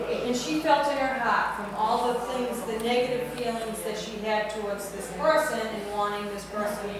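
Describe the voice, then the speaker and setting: Frau mit etwas hoher Stimme, persönlicher Rat vor einer Gruppe, hallig und fern. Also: female voice, on the high side. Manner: confessional, laughing asides. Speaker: workshop speaker. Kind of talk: personal advice talk. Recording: echoey hall, far from mic, noisy.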